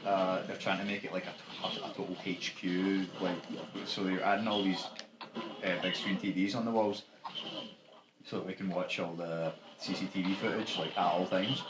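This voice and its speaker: A man's voice: sits low, fairly even intonation, normal speed, noisy background. A Scottish man rambling and swearing freely as he chats over a co-op video game. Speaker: gaming co-host. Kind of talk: casual let's-play banter. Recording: echoey room with game music. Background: video game music.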